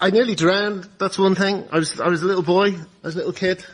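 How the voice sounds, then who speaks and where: A man's voice: high voice, fairly even intonation, fast. A man telling a hesitant comic story with stammering restarts as a guest on a studio panel show. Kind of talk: comic anecdote. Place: studio with live audience.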